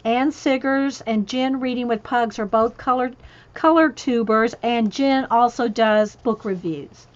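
A woman with a slightly high voice reads a list of channels during her home craft livestream, speaking at a measured pace in lo-fi audio. She rambles chattily, stops to address her cat, and her voice is wearing out; a ring light lights her craft room.

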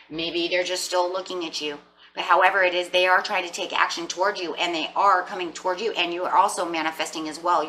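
A woman's voice: on the low side, pushed and bright, recorded from a distance, slight background noise. A middle-aged woman giving a casual tarot reading in a playful, sassy, chatty way. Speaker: tarot reader.

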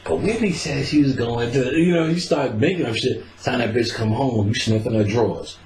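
A man's voice: mid-range voice, moderate pace, a little mellow, echoey room, slight background noise, poor audio. A man hosting a casual, profane chat, telling stories, laughing often and acting out the lines he quotes. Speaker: podcast host.

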